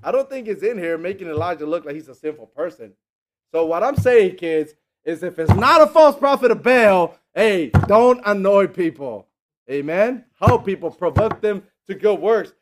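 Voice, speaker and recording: A man preaching a sermon, animated and jokey, acting out quotes in mocking voices and laughing often. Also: high voice, moderate pace.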